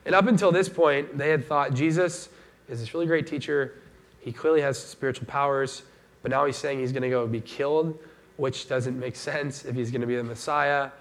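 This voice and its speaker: A man giving a casual sermon as a pastor, talking in a conversational, animated way and acting out the voices of people he quotes. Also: medium pitch, normal speed.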